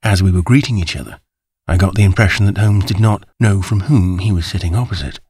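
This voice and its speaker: Male audiobook reader, low husky tone, dry close studio sound. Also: darkish tone, no room sound. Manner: measured storytelling. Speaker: audiobook narrator. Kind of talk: scripted narration.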